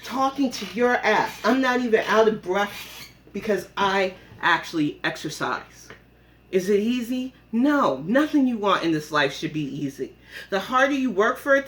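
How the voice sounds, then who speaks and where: A woman's voice: mid-range voice, fairly bright tone. A woman vlogging from her home on a phone camera, talking while she rides an exercise bike and bluntly scolding a rival with plenty of profanity. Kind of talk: confrontational callout vlog.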